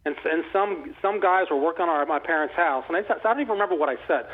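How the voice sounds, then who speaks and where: An older man in his sixties talks quickly and eagerly, his fairly high voice coming through a thin, phone-like line. He rambles through his stories with many restarts and self-corrections. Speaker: author and interview guest. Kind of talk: casual conversational storytelling.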